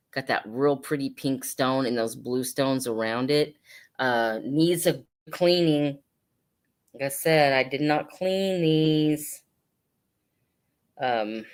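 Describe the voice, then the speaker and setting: A woman hosting a casual live sale, chatting and laughing with her viewers as she shows hat pins. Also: extremely low pitch. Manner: chatty, laughs often, addresses viewers directly. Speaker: live-stream seller of hat pins and jewelry.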